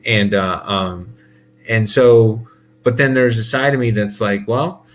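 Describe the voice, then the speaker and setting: A man's voice: medium pitch, slight background noise. A man talking in a casual monologue, rambling and heated, with many restarts and laughs. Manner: heated, emphatic. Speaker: podcast host.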